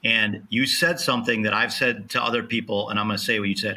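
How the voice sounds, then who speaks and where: A man with a very bright, forward tone speaks as a podcast guest. He talks emphatically and motivationally, acting out snatches of dialogue to make his points. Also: fairly low pitch, fairly even intonation, fast. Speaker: land specialist guest. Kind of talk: podcast interview.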